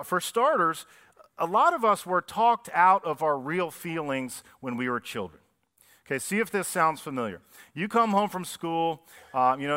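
A man's voice: on the high side, sharp tone, smooth. A man preaching a sermon as pastor, talking conversationally and asking the congregation questions. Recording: long reverb of a church hall.

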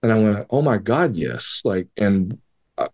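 A man's voice: fairly low pitch, expressive, normal speed, a little mellow, husky, muffled recording. A man speaking as a podcast guest, telling a personal story in casual, profane language and acting out the dialogue with quoted voices. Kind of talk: conversational storytelling.

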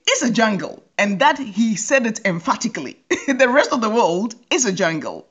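Woman host, comic monologue, lively pitch, laughing, dull lo-fi sound. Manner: laughs often, teasing and animated. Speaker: podcast host. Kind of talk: humorous commentary monologue. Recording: dull lo-fi recording.

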